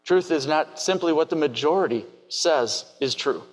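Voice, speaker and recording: A man preaching a sermon in a measured, questioning way. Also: on the high side, animated, long reverb tail.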